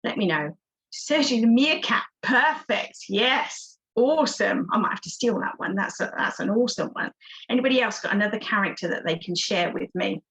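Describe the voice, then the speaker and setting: A woman's voice: medium pitch, lively intonation, normal speed, fairly bright tone, low-quality recording. Encouraging woman coaching online. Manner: encouraging, interactive, coaching the audience. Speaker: success coach, guest speaker. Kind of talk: online workshop talk. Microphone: video call.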